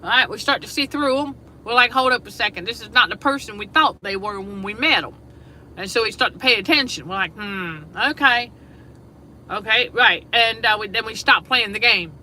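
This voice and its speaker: Woman host, piercing bright voice, repetitive and emphatic, laughs a lot, faint hum in the room. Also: on the high side, normal speed, low-quality recording. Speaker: show host. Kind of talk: casual spiritual talk livestream. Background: air conditioner hum.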